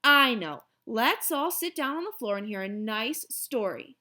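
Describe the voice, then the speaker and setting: A woman's voice: fairly high pitch, animated, unhurried, sharp tone. A woman voicing a harried mother of young boys, firm but patient, in a storybook reading.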